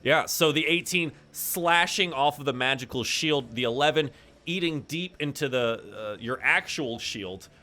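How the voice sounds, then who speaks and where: A man's voice: medium pitch, measured pace. A man narrating a tabletop game as game master, playful and full of fillers. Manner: lively and playful, with many fillers.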